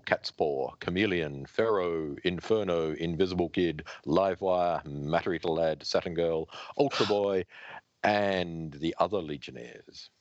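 A man co-hosting a podcast, reading and summarizing a comic book aloud in a plain, steady way. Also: deep voice, no room sound, lo-fi sound. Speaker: podcast co-host.

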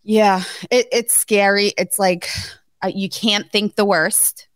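A woman's voice: mid-range voice, slow pace, no room sound. A woman co-hosting a podcast, telling stories with lots of swearing and laughter in a casual chat. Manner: animated storyteller, swears freely, laughs often. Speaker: podcast co-host.

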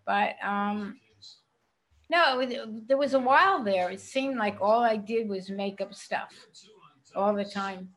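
An older actress in a casual interview, a chatty storyteller who laughs often. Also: female voice, mid-range voice, a little slow, a bit bright, rough recording. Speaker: actress guest.

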